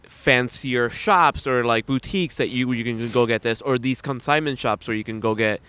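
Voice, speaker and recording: A man co-hosting a casual chat, relaxed and self-deprecating, explaining things evenly. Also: medium pitch, moderate pace, clean tone. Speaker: podcast co-host. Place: New York City.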